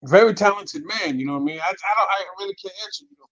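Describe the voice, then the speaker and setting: The high-pitched, fast, slightly bright voice belongs to a middle-aged man who trains boxers. As an interview guest he tells casual stories, performs the quotes, and ends lines with "man" or "you know what I mean," though the recording's highs are cut off.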